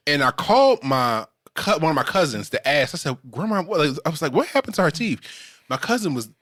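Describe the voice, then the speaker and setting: A man telling a story on a podcast, with a bright, forceful voice that swings widely up and down. He keeps laughing through his own tale. The sound is close and dry. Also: a little high, big pitch swings, brisk, no room sound. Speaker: podcast co-host. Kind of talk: casual storytelling chat.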